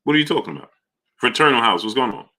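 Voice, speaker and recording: A man's voice: mid-range voice, expressive, rapid-fire, pushed and bright. A man hosting a live boxing stream, arguing his points and greeting chat viewers by name. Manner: argumentative, repeats points. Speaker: boxing show host.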